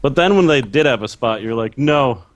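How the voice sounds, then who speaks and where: A man's voice: mid-range voice, expressive, fairly quick, dry recording. A man co-hosting a casual podcast, talking hesitantly with many fillers and restarts.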